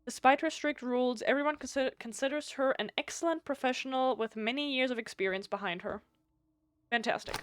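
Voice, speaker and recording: A woman whose first language is German, streaming a game live, reading its text aloud and thinking out loud, often stumbling over words and restarting. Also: sits high, clean tone, no echo, clean studio sound.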